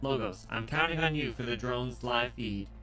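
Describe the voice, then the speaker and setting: A terse male field engineer reports in a flat, clipped, mechanical cadence, as a man puts him on while reading a game story aloud. The tone is bright and sharp-edged, every phrase delivered like a status readout. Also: mid-range voice, normal speed, soft background music, natural voice, poor audio.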